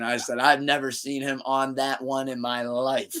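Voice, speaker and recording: A man hosting a podcast, telling a story in a casual, animated way, laughing and switching between loud bursts and muttered asides. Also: medium pitch, a little fast, few pauses, smooth. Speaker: podcast host.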